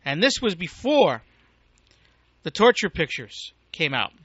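A man's voice: on the high side, sing-song, a little slow, a bit bright, husky, no echo. An American man giving an angry, profane, rambling political rant as a talk radio host, on a dull lo-fi recording. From United States.

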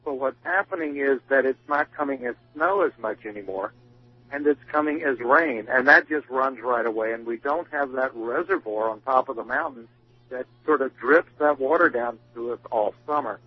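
A man's voice: mid-range voice, normal speed, husky, dull audio. A man who is a guest on a radio talk show, speaking about climate in a folksy, wry, explanatory way. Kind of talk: casual radio interview.

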